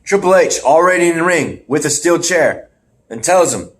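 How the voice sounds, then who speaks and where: A man with a somewhat raised voice talks through a wrestling match in a loose, rambling way. His play-by-play is animated and broken by quick laughs, the sound of a relaxed podcast co-host. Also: a little high. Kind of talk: casual wrestling review chat.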